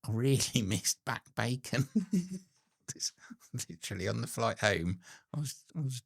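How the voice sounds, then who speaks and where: A man's voice: medium pitch, very animated, unhurried, creaky. A man hosting a podcast, chatting casually and teasing his guest. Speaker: podcast host. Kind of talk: casual chat.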